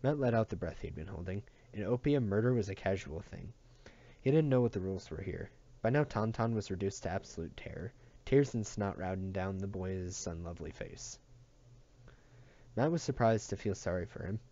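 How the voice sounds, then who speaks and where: Low, mellow man reading a novel aloud. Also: animated, moderate pace, lo-fi sound. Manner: plain reading with slips and restarts. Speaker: audiobook reader.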